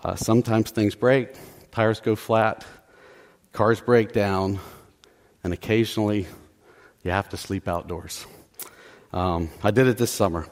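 A man's voice: lowish voice, a little slow, pauses often. A middle-aged man preaching a conversational sermon in a church, checking in with the congregation and poking fun at himself. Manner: conversational, self-deprecating, repeats "okay?" to the congregation. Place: church sanctuary.

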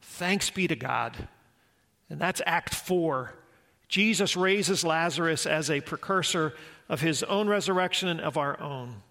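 A man's voice: a little high, expressive, a little slow, creaky, sharp tone. A man preaching a sermon as a pastor, earnest and reflective, posing rhetorical questions to the congregation.

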